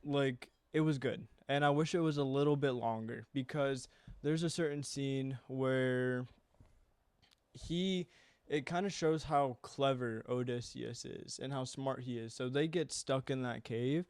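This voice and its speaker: A young man talking through a film in loose, rambling podcast chat, with the odd swear. His voice is smooth and resonant, and his pitch sits mid-range. The sound is close and dry. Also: fairly even intonation, a little slow, darkish tone, no echo. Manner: casual, rambling, swears freely. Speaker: podcast co-host. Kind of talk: casual chat.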